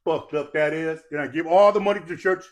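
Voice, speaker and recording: A man with a slightly high voice speaks as a podcast guest. He tells stories in loose, casual talk, swears freely and lectures like a preacher. He keeps stopping to ask whether his listeners understand. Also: fast talker. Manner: profane, preachy, keeps asking "you understand that?".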